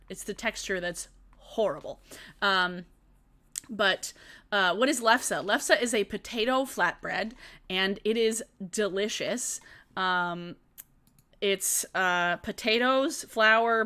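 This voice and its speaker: A woman's voice: medium pitch, bright, forceful tone, clean tone. A young woman hosting a casual live-stream Q&A, chatty and laughing often, swearing casually as she answers chat questions.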